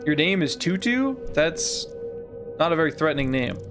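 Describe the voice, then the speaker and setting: A man reading the lines of a female adventurer in a game, plain and quick. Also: fairly high pitch, big pitch swings, over music.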